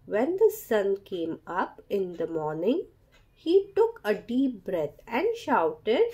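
A woman reading a children's storybook aloud slowly and expressively. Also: mid-range voice, huge pitch swings, mellow.

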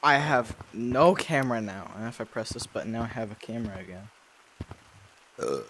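Young man, casual gaming chat, animated, sudden loud outbursts, light noise behind. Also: lowish voice, moderate pace. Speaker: streamer.

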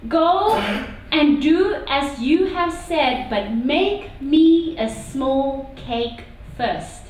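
A woman's voice: sits high, expressive, extremely slow, darkish tone, slight background noise, heavily acted. Woman doing an eager, insistent old prophet. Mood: urging. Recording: echoey hall from far off.

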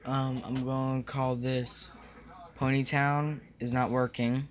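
A man's voice: mid-range voice, little pitch movement, slow pace. A young man vlogging casually from a small room at home, rambling with lots of fillers and restarts, forgetting what he meant to say.

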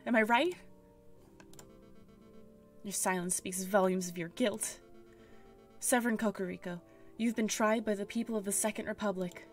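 A woman's voice: mid-range voice, fairly even intonation, moderate pace, pauses often, faint music behind, natural voice. Woman reading a bitter, vengeful young mademoiselle. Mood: accusing. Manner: bitter, accusing.

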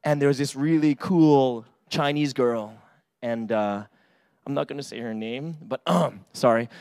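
A man's voice: mid-range voice, measured pace, darkish tone, clean tone. A man in his forties giving a casual sermon with personal stories, chatty and full of "right?" asides. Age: 40s. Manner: chatty, many fillers and "right?" asides, acts out quotes. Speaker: pastor.

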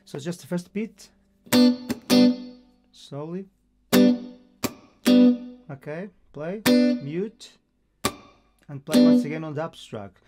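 A man's voice: on the high side, slow pace, pauses often. A man from Portugal with a Portuguese accent, teaching a guitar lesson and counting beats patiently. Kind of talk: guitar tutorial. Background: acoustic guitar playing.

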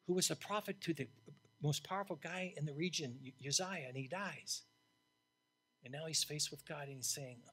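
An older male pastor preaching with a high, bright, forceful voice. He is blunt and emphatic, swinging between loud declarations and hushed asides. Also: normal speed, breathy edge. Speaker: interim pastor. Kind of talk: sermon.

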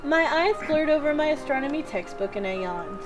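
A woman with a fairly high voice reads visual novel narration aloud in a light, giggly manner. Game music plays clearly behind her. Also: expressive, fairly quick. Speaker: guest co-player.

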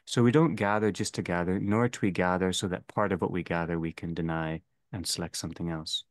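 A man leading a theology seminar, speaking slowly and deliberately and restating each phrase. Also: deep voice, fairly even intonation. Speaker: seminar leader. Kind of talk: theology lecture.

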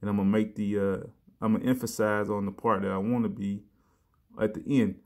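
A man giving a casual sermon, talking in a loose conversational way, often saying "man" and "you know", and reading verses slowly with emphasis. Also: lowish voice, level tone, gravelly, darkish tone. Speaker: preacher.

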